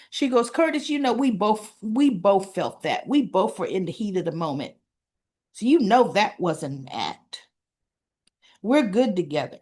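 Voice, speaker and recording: A woman hosting a casual soap opera recap, retelling scenes in an animated way and acting out what the characters said. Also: mid-range voice, unhurried.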